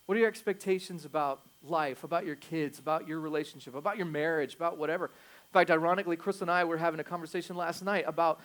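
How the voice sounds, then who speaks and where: High-pitched guy pastor, talky sermon, goes quiet then really loud. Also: fairly even intonation, fast talker. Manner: conversational, swings from quiet asides to loud emphatic bursts; self-deprecating, jokes with the congregation.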